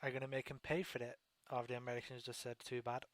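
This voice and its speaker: A male host leads a loose online chat show, blunt and joking. His voice sits at an ordinary pitch. The sound is dry, with no room around it. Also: flat delivery, racing, dry recording. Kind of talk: casual talk show chat.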